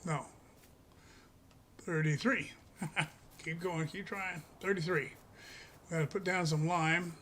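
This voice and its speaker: An older man gives relaxed gameplay commentary in a folksy, chatty way. His voice sits high and sounds bright and forward. He takes his time and lets each thought unfold slowly. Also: slight background noise. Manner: chatty and folksy, chuckling often. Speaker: streamer.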